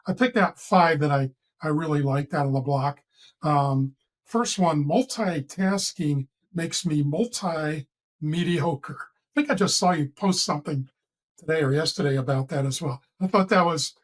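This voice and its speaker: A man hosting an interview podcast, easygoing and given to chuckling as he leads into questions. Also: a little high. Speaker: podcast host, coach. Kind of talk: casual interview.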